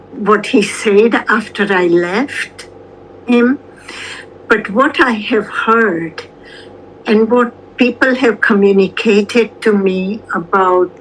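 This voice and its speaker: An older woman speaking as an interview guest, calm and measured, with long pauses between phrases. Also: mid-range voice, a little hiss or hum, rough recording. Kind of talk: slow reflective conversation.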